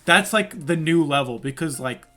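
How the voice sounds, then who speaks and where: Young man, podcast co-host, crude giggly riffing, bright edgy tone, lively pitch. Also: normal speed, faint music behind. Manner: crude, giggly, riffs and jokes. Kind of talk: casual comedic chat.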